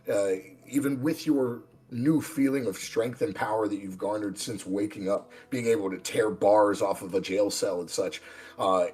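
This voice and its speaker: Husky low-voiced game master. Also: male voice, darkish tone. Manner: loose, hesitant narration full of fillers. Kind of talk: narrating a tabletop game.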